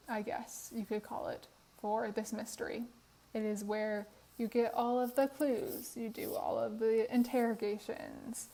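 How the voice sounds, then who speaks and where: A woman's voice: a little high, creaky, darkish tone, low-quality recording. A tired young woman with a worn voice, chatting casually in a voiceover about a game build, laughing often, recorded on her phone in her apartment. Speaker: Sims speed build creator. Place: apartment room.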